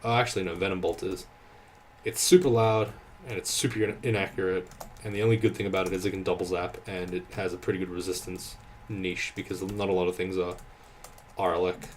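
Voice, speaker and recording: A man's voice: low voice, little pitch movement, brisk, a little mellow, a little hiss or hum. Sweary man ranting over gameplay. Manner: exasperated, sweary ranting with frequent laughs and restarts. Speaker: gameplay commentator. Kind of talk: casual gameplay commentary. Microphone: desk microphone.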